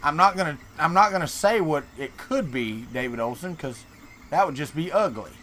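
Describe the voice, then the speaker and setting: A man with a Southern American drawl hosts a casual live stream, joking with viewers as he answers their messages. His voice sits a touch higher than most men's. A faint hiss of background noise runs under the talk. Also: expressive, moderate pace, pushed and bright. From Florida, Deep South. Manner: joking, chatty, reads and answers chat. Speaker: streamer host.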